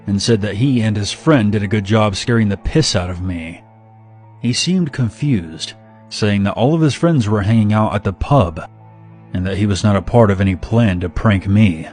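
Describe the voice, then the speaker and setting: A man narrating a scripted first-person horror story in a steady, dramatic way. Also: on the low side.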